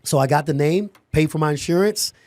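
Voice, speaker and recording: A man, a guest on a podcast, tells his own story in an animated, emphatic way, often repeating words and restarting sentences. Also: fairly high pitch, a little fast, no room sound. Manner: animated, emphatic, laughs as he talks. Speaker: podcast guest, security company owner. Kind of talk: personal storytelling in a conversation.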